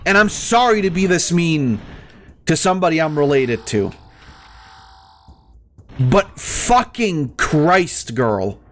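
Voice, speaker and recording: A gaming streamer speaks slowly, with long pauses, in a fairly high, bright voice with lively intonation; a little hiss or hum is audible. Exasperated and heated, he rants casually as he plays, swearing heavily and stumbling into restarts.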